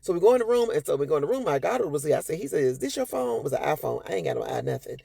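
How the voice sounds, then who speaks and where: A quick, sassy woman tells a family story straight to her followers. Her voice is gravelly and husky, and she jumps up high in pitch whenever she acts out what someone said. The sound is dry and close, with no room around it. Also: animated, mellow, no echo. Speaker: vlogger telling a personal story.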